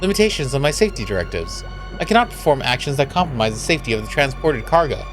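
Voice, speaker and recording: A man's voice: medium pitch, fast talker, music in the background, lightly acted. A man reading the lines of a stubborn, formal emergency AI aboard a spaceship in a story game. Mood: dutiful. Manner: flat, formal, rule-bound. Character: calm stubborn ship AI assistant.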